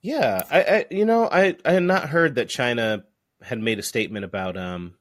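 A man's voice: medium pitch, moderate pace. A man hosting a call-in show, chatting casually and laughing easily with his callers. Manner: laid-back, chatty, often laughs with callers.

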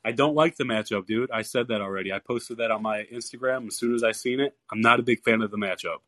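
Fielding a stream of callers on his live basketball podcast, this host is curt and quick to get annoyed, stammering through repeats until the point comes out. He talks fast in a mid-range, bright, forceful voice with no room sound.

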